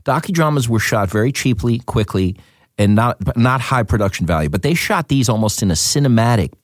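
A man, an actor, telling a story in a casual interview, animated and repeating words as he goes. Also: brisk, dry recording, clean studio sound. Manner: animated, jumps up in pitch acting out quotes, repeats words. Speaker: actor guest.

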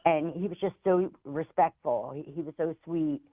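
A woman's voice: sits low, normal speed, dry recording. A middle-aged woman speaking as a guest caller in an interview, earnest and determined. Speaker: grieving parent, guest caller. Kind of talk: emotional interview talk. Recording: tinny phone line, dry.

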